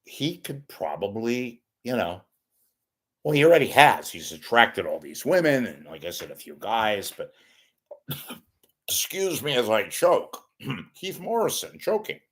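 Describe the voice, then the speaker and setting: Animated, rambling male talk host. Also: mid-range voice, measured pace, husky. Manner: animated, wisecracking, swings loud and quiet. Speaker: host of a live online talk show. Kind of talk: rambling solo commentary.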